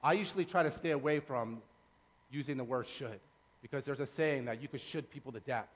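A man's voice: mid-range voice, fairly quick, in a large hall. A man preaching a sermon in a church, earnest, building his points through repeated phrases. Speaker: pastor. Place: church sanctuary.

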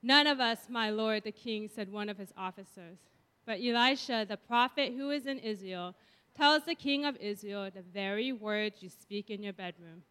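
A woman pastor leading a group Bible reading, reading scripture aloud clearly and evenly in a church hall. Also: medium pitch, normal speed, sharp tone. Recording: long hall reverb.

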